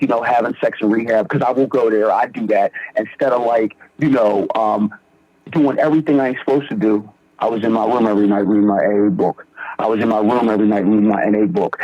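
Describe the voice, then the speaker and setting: A man's voice: lowish voice, steady tone, fast talker, slightly rough. A young man from Philadelphia telling his recovery story in a podcast interview, acting out quoted dialogue as he goes. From Philadelphia, Pennsylvania. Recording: dull lo-fi sound.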